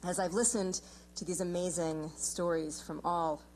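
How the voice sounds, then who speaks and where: A woman's voice: on the low side, fairly even intonation, a little slow, darkish tone, slight background noise, rough recording. A woman rabbi giving a composed, lightly humorous statement at a committee hearing.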